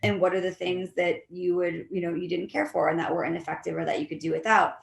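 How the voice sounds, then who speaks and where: A woman behavior analyst, a guest in an interview, explaining her methods in a lively way and acting out the voices of the people she quotes. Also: lowish voice, fast, creaky, reverberant. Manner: animated, acts out quoted voices. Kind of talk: conversational interview.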